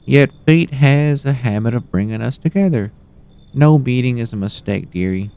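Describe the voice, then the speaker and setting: A man doing a high, sweet old granny. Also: moderate pace, gravelly, dark tone, clear, resonant tone, natural voice. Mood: sweetly rambling. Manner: sweet, folksy, calls everyone dearie. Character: elderly chatty grandmotherly woman, weary wanderer. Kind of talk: voicing game dialogue on a live stream.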